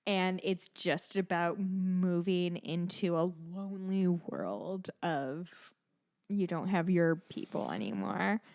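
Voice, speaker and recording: A woman's voice: on the low side, slow pace, a little mellow. A woman in her thirties co-hosting a podcast, chatting casually in a rambling way, with swearing and self-deprecating asides. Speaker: podcast co-host. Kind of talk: casual chat.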